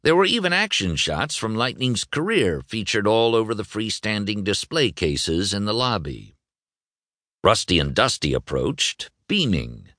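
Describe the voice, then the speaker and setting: A man reading a children's novel aloud, expressive and voicing every character. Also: lowish voice, a little slow, dry recording, clean studio sound. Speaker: audiobook narrator. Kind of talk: scripted storybook narration.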